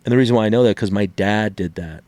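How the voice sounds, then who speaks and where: A middle-aged man with a fairly low voice tells stories in a loose, casual podcast chat. He acts out what other people said and swears freely. The sound is close and dry, with no room around him. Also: fast talker, dry recording. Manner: animated storyteller, acts out quotes, swears freely. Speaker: podcast co-host.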